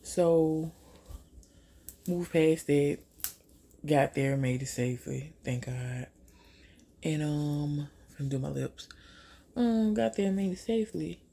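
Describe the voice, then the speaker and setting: Gravelly and low, her voice moves slowly with frequent pauses. The speaker is a young woman vlogger doing her makeup while casually telling a storytime, acting out others' words in a chatty, animated way with quoted asides.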